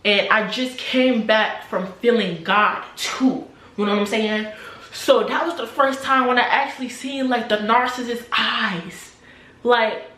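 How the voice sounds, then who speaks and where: A young adult woman telling a personal story to camera in a casual, animated way, repeating phrases and sometimes dropping to a near-whisper. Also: fairly high pitch, measured pace, roomy sound. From New Jersey, USA. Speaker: vlogger.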